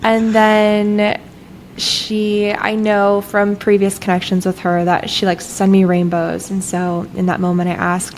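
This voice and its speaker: Animated woman telling a story. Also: medium pitch, unhurried, slight background noise, poor audio. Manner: animated, frequent "like" fillers. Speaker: guest, breathwork facilitator. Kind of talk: conversational storytelling.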